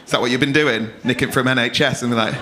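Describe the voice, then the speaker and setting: A man's voice: medium pitch, steady tone, quick pace. Cheeky male compere teasing the crowd. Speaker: comedy club compere. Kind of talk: stand-up banter with the audience. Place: comedy club stage. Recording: live comedy club with clear audience noise.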